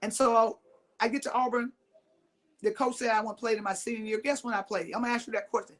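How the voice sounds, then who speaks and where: Speaking fast with fairly even intonation, a woman with a higher-pitched voice gives a motivational talk. She's middle-aged and from Mississippi, and she drives her points home by repeating key lines and questioning the audience.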